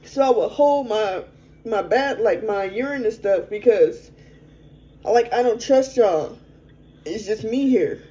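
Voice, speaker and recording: Frank young woman, mellow voice. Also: fairly high pitch, animated, low-quality recording. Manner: frank, conversational, quick to vent. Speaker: interview guest. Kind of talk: candid personal storytelling.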